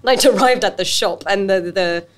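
A woman's voice: mid-range voice, normal speed, slight background noise. British woman telling her story, chatty. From Britain. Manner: animated storytelling with many restarts and fillers. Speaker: actress and business owner, guest. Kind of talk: casual interview conversation.

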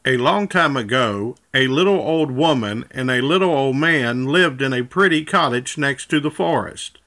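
A man narrating a children's storybook aloud with a measured, clear reading. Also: mid-range voice, lively intonation, bright, forceful tone.

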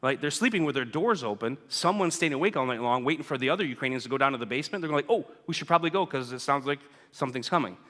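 A man's voice: mid-range voice, fairly bright tone. Man, casual joking church talk, keeps saying "right?", long hall reverb. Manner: chatty, keeps asking "right?", acts out quoted people. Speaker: guest speaker reporting on mission work. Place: church sanctuary.

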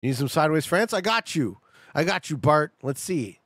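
A man streaming a geography game, chatting casually with his viewers and bursting out excitedly when he gets it right. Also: fairly high pitch, moderate pace, dry recording, studio quality. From Canada. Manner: chatty, talks to chat, excitable outbursts. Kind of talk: casual live-stream commentary.

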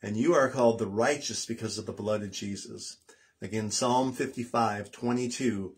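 A man giving a gentle devotional talk, slowly reading scripture verses aloud. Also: on the low side, slightly rough. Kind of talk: devotional talk then singing.

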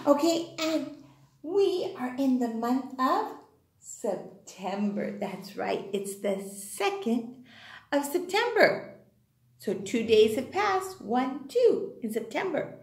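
Kindergarten teacher, female, slow and sing-song with children, recorded in an echoey room. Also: sits high. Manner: animated, exaggerated, sing-song teacher talk. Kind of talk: online class for young children.

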